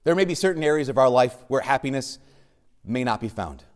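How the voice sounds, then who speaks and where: A man, a Catholic priest, preaching a sermon with wry asides, swinging from urgent questioning to hushed emphasis. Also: mid-range voice, lively intonation, a little fast.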